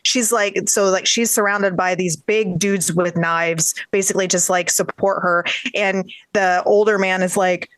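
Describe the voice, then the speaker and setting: A woman co-hosting a podcast, chatting casually about a movie and retelling scenes in an animated way, with plenty of "like" and the odd swear. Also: mid-range voice, normal speed, no room sound. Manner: animated storytelling, swears, says "like" a lot. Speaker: podcast co-host.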